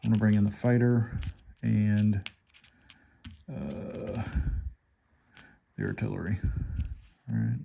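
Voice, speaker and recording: Slow, gravelly man thinking aloud. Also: on the low side, mellow, muffled recording, slight background noise. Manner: unhurried, thinking aloud, counting units and money. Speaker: board game player narrating his turn. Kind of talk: casual solo board game playthrough. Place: home, at a table with the game board.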